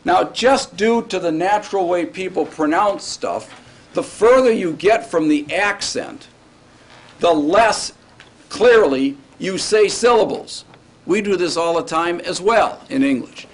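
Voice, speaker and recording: A man's voice: high voice, lively intonation, measured pace. A man lecturing on Hebrew grammar to a class, in a casual way, often checking in with his students.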